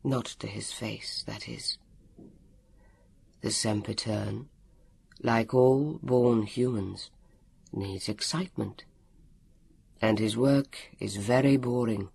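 A man voicing a polite, serious male android servant who speaks quietly, slowly and solemnly, half whispering. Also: medium pitch, fairly even intonation, husky. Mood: grave.

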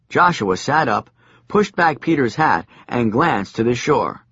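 Husky male audiobook narrator. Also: medium pitch, measured pace, no echo, lo-fi sound. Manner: dry, deadpan wisecracking delivery. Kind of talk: audiobook narration, comic novel.

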